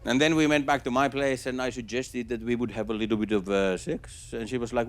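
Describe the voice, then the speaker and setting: A man doing a stand-up comedy set on stage before a live audience. He talks haltingly, with many restarts and fillers. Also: mid-range voice, fairly even intonation, slight background noise. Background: audience laughter.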